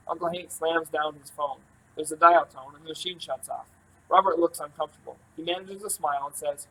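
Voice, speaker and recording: A man reading a first-person novel aloud in a calm, even storytelling voice. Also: fairly high pitch, fairly quick, low-quality recording. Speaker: audiobook narrator. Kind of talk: first-person audiobook narration.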